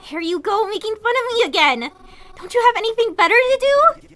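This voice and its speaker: A woman's voice: high-pitched, moderate pace, a bit bright. A woman reading game dialogue aloud as a hurt, sensitive young woman who speaks in a wounded, accusing way.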